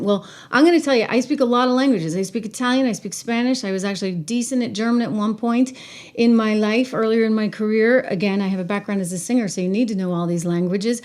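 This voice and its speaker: A woman hosting a casual political commentary stream, talking to viewers in an animated, emphatic way with frequent restarts and asides. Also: mid-range voice, a little fast.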